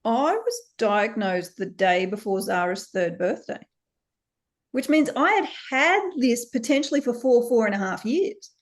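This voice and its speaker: Unhurried and fairly high-voiced, this Australian woman in her thirties speaks candidly as a company founder being interviewed. Lively and quick to laugh, she mimics the voices of others.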